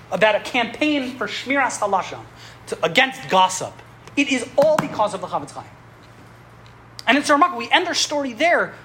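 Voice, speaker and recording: A woman teaching a class on Jewish history, telling stories in an animated way with frequent chuckles and restarts. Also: mid-range voice, slight background noise. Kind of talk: classroom lecture with storytelling. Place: classroom with students.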